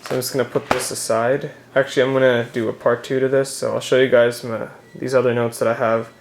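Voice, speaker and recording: A young man talking casually through his banknote collection for a vlog, relaxed and halting, pausing with "uh" as he reads dates off the notes. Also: medium pitch, creaky, noisy background. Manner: relaxed, halting, many "uh" pauses while reading notes. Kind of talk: casual show-and-tell vlog.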